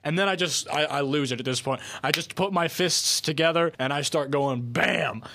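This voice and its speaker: A man's voice: a little high, moderate pace. Joking young man telling a story. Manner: joking storyteller, animated retelling. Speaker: podcast co-host. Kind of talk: casual podcast chat.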